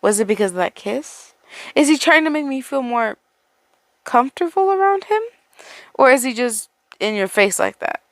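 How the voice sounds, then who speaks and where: A woman with a slightly higher voice reads a fan fiction story aloud. The sound is close and dry, with no room around it. She stumbles and restarts words as she goes and drifts into casual asides. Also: lively intonation, normal speed, dry recording. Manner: breaks off into chatty, laughing asides. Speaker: story reader.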